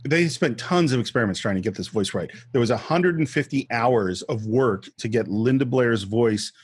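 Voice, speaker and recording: A man with a husky, slightly breathy voice talks casually about films on a podcast, walking through scenes and how they were shot. The recording is dry and close, with no room sound. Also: medium pitch, normal speed, no echo. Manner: explains film scenes and behind-the-scenes trivia. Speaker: film podcast co-host. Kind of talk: casual film discussion.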